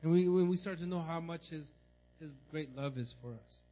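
Pastor guy preaching, kinda high voice, lively and chatty, muffled lo-fi sound. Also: normal speed, soft background music. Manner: animated, tells stories, repeats "right?". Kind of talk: sermon with personal story. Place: church service. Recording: dull lo-fi recording.

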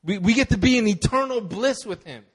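A man's voice: sits high, lively intonation, fairly quick, slightly rough. A young man preaching a sermon, telling a personal story with many fillers and repeated words. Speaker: pastor.

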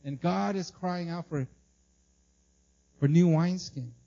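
High-voiced man preaching an animated sermon. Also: measured pace, gravelly, highs cut off. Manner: animated, acts out voices of people in the story; repeats words and restarts often. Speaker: pastor.

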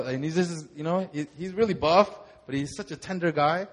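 A young man, a pastor, telling a lively sermon testimony and acting out the moments in his story. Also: fairly high pitch, fast talker, few pauses. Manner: animated storytelling, acts out shouts.

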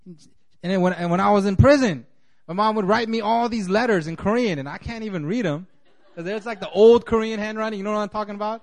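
A man's voice: sits high, fast talker. A man preaching a sermon as pastor, in a conversational way full of "you know", acting out the voices he quotes.

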